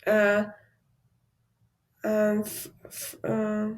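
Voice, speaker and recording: Woman, language learner, very slow pace, hesitant, repeats words carefully. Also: mid-range voice, monotone. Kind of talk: language lesson practice.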